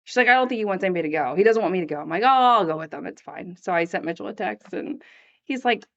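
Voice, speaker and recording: A woman's voice: on the low side, lively intonation, fast, no room sound, dull audio. Chatty woman co-host, dry sound. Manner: chatty, laughs along and reacts to stories. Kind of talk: casual chat.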